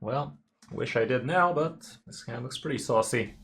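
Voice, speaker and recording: A man's voice: mid-range voice, lively intonation, normal speed, vocal fry, fairly bright tone, a little hiss or hum. A man streaming a card game, giving casual commentary and chatting loosely with his viewers, with some mild swearing.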